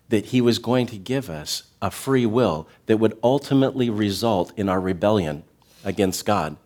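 A man preaching a sermon as a pastor, earnest and direct with the congregation, slowing down to stress key words. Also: lowish voice, a little mellow. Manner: talks directly to the congregation with asides.

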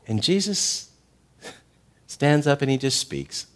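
A middle-aged man preaching a sermon, animated, rising to loud emphatic peaks and falling to soft, tender passages. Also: mid-range voice, normal speed. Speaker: pastor.

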